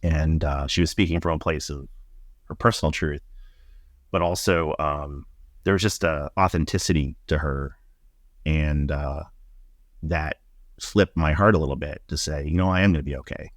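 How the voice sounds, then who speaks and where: A middle-aged man, a podcast guest, telling a personal story in a reflective, halting way with many fillers. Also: rumbling low, no room sound, clean studio sound.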